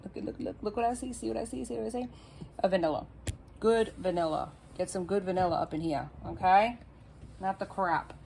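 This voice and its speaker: A woman's voice: mid-range voice, a little fast, vocal fry, mellow, slight background noise. A woman with a New England accent, hosting a cooking video in her home kitchen, chatty and playful as she talks to viewers like friends. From Massachusetts, USA. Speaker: cooking channel host. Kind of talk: casual cooking demonstration.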